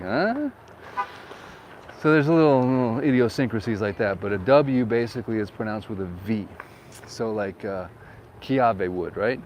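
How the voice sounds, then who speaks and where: A real estate agent gives a casual, chatty tour while riding through a town street outdoors, upbeat and joking with rambling asides. His medium-pitched voice is a little mellow and comes through a wind-muffled mic with a windsock, with faint wind and street traffic in the background.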